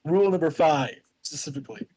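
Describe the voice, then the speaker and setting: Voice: mid-range voice, expressive, fast talker, noisy background. A tabletop player chatting and joking during the game.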